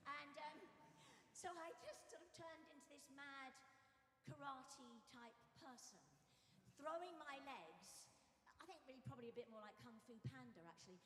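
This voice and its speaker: An older woman giving an anecdotal tribute speech at a memorial service, telling stories in a lively way and acting out moments. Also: high voice, normal speed, slight background noise. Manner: animated storyteller who acts out moments. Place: large church. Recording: echoey church hall with faint music.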